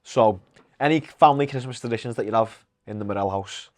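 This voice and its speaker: A man with a slightly low voice co-hosts a relaxed podcast. He fires off questions at a quick clip and laughs along with his partner. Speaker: podcast co-host. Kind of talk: casual chat.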